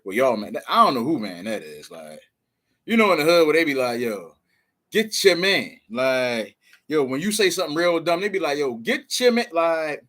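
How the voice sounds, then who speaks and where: A man's voice: on the high side, very animated, brisk, a bit bright. A man vlogging with casual commentary, loose and slangy, full of "like" and "man".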